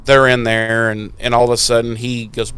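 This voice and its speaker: A man's voice: mid-range voice, flat delivery, normal speed, fairly bright tone, a little hiss or hum. Profane rambling man recapping. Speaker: podcast co-host. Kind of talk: casual episode recap.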